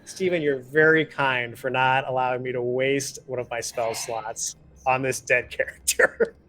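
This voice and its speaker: A man's voice: medium pitch, fairly even intonation, measured pace, bright, forceful tone. A man playing a spellcaster in a tabletop game, playful and describing his spells in detail. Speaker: player.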